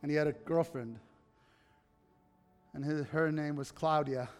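Speaking a little slowly, a pastor whose voice sits somewhat high for a man tells personal stories in his sermon, animatedly voicing the characters and then rising to fervent calls to his congregation. His words echo with a long hall reverb, and faint music plays underneath.

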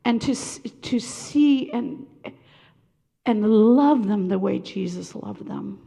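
Older lady preaching through a story, gravelly voice, does all the voices, long echo of a big hall. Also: medium pitch, takes it slowly. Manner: animated storyteller acting out quoted voices. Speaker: speaker sharing a personal story. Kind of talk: sermon-style storytelling.

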